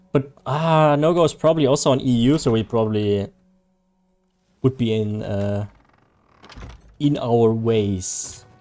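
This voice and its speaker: A man's voice: medium pitch, mellow. Chatty, laughing male game streamer. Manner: chatty, laughs often, loose and joking. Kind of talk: casual live-stream chat, reading chat.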